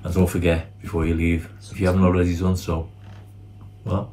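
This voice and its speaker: A man's voice: deep voice, level tone, a little fast, mellow. Laid-back man, dry humour. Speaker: food reviewer, co-host. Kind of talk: casual chat.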